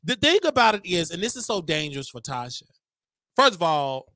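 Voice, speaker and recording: A young man hosting a casual livestream, talking in an animated, gossipy way and laughing often. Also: on the high side, fairly quick, no echo. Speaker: show host.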